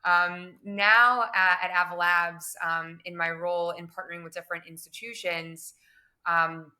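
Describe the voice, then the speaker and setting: Bright, flat-toned businesswoman talking shop. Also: on the low side. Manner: measured, many fillers and hedging phrases. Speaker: guest, crypto business development director. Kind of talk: conversational interview answers.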